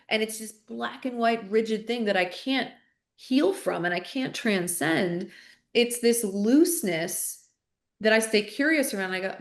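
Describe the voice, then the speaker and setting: A woman's voice: a little high, lively intonation, normal speed, creaky, roomy sound. A woman speaking as a guest in a podcast interview, earnest and candid, often restarting her sentences as she thinks aloud. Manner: repeats words as she restarts thoughts. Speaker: podcast guest, author and coach. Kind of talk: interview conversation.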